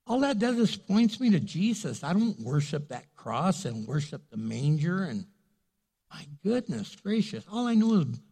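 A man preaching as pastor in a casual, animated way, acting out the people he quotes. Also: a little high, measured pace, gravelly, breathy edge, long reverb tail. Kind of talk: sermon. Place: church sanctuary.

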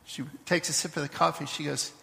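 High-voiced pastor preaching in a reverberant church. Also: male voice, level tone, fairly quick, gravelly, bright, forceful tone. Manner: conversational preaching, storytelling with restarts. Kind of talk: sermon. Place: church sanctuary.

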